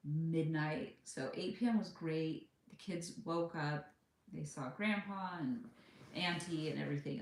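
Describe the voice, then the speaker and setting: Woman from the US in her thirties, lower voice, chatty vlog storyteller, echoey room. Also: gravelly, a little hiss or hum. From United States. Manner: chatty, animated retelling with quoted voices. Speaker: vlogger.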